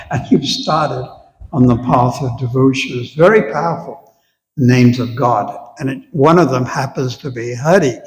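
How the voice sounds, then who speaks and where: A man giving an unhurried devotional lecture to a congregation, talking conversationally and putting questions to his listeners. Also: mid-range voice, big-room sound, poor audio. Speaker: visiting spiritual teacher. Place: temple hall with long reverb.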